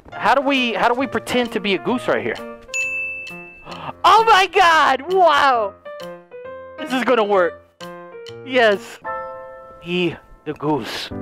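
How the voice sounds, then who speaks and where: An excitable man narrating his gameplay, his voice leaping up and down in pitch as he yells and gasps. He talks in first person as his in-game character. Game music plays clearly behind him. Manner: excitable, yelling and gasping, talks as the goose he plays. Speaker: let's play gamer. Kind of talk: gaming commentary.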